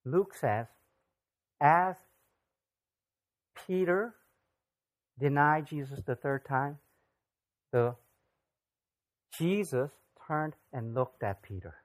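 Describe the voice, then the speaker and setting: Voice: medium pitch, drawn-out words, pauses often. A pastor giving a sermon in a casual, conversational way, often asking the listeners questions. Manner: conversational, asks the audience rhetorical questions.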